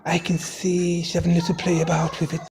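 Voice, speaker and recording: Over a noisy background, a man with a slightly high, monotone voice and vocal fry talks fast. He's a jokey narrator with a put-on Irish accent doing a mock silent-movie voiceover for a silent craft video, amused, chuckling, offering wry commentary, and muttering "Jesus" frequently.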